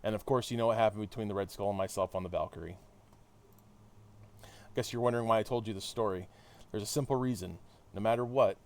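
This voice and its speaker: A man reading a steadfast male soldier hero's mission account in his own low voice. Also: a little mellow, natural voice.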